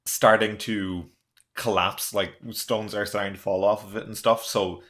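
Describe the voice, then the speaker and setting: A man's voice: fairly low pitch, flat delivery, unhurried, a bit bright. A man giving a casual, chatty chapter review as the channel's host, leaning on loose filler words. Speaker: manga reaction channel host.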